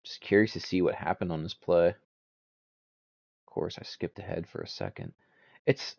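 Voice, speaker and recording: A man's voice: low-pitched, normal speed, vocal fry, a little mellow, no room sound. A young man giving casual, rambling commentary over a football game he set up, frustrated and swearing freely. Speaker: league commissioner playing a football game.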